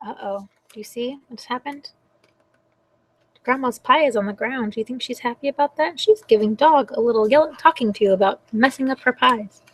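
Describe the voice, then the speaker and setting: A woman as a children's librarian, reading picture books aloud at a library storytime in an animated sing-song way and asking the children questions. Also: a little high, moderate pace.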